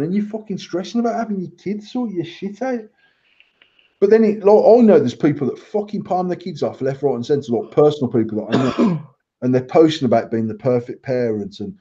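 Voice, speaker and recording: A sweary man in his thirties from England rants and mocks on a casual home podcast. His voice sits a little high but sounds dark and mellow. The recording is dull and lo-fi. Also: animated, brisk. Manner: sweary, ranting, mocking. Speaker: podcast co-host. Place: living room at home.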